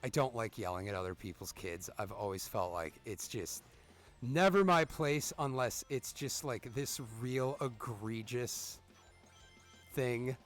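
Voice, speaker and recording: A man's voice: medium pitch, lively intonation, a little slow, soft background music. A man in his thirties hosting gameplay commentary, telling a parenting story in a profane, ranting way with exasperated reactions to the game. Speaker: gaming channel host.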